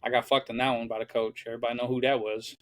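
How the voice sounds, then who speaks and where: Recorded dry, a young man speaks rapid-fire at medium pitch while co-hosting a podcast. His casual chat is full of profane stories, and he acts out the quotes with plenty of animation.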